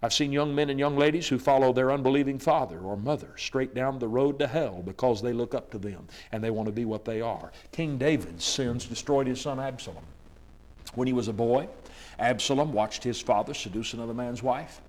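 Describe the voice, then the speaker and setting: A male preacher delivering a dramatic sermon, swinging from hushed storytelling to loud, emphatic declarations. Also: mid-range voice, moderate pace.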